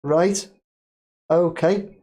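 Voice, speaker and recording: A man's voice: a little high, steady tone, drawn-out words, warm tone. Chatty man hosting a live stream. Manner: chatty, reads viewer comments aloud and laughs easily. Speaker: livestream host. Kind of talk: casual live chat.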